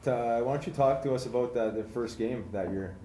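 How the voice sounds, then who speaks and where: A man, a former hockey player hosting a casual interview, speaking hesitantly with frequent pauses and repeated words. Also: mid-range voice, mellow, roomy sound, slight background noise. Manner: hesitant, many fillers and restarts, affirming often.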